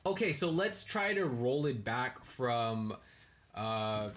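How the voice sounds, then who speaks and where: A man's voice: mid-range voice, slow pace. Young male podcast host, solo, stoned, slangy and profane, rants in bursts and rambles off on tangents. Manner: ranting, animated bursts. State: high. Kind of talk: casual rambling monologue.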